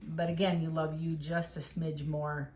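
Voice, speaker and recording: A woman's voice: low-pitched, level tone, a little slow, a little mellow. A woman giving a casual tarot reading, talking straight to the viewer in an encouraging, emotional way. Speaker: tarot reader.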